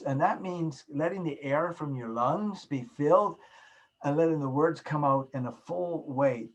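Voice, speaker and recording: A man's voice: fairly high pitch, low-quality recording. A man from Canada giving a recorded class lecture, stressing key words and repeating them for emphasis. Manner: emphatic, repeats key words, demonstrates soft and loud speaking.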